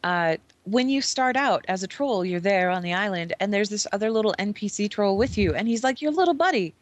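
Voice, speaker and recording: A woman chatting casually about games as a co-host. She tells stories with lively animation and slips into acting out the scenes. Her voice sits at an average pitch, and the sound is dry and close to the mic. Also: brisk, no echo. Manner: animated storyteller who acts out scenes. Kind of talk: casual gaming chat.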